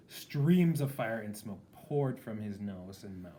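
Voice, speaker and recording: Lively man reading a bedtime story. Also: on the low side, slow pace, hardly any pauses, a little hiss or hum. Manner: lively, chatty asides.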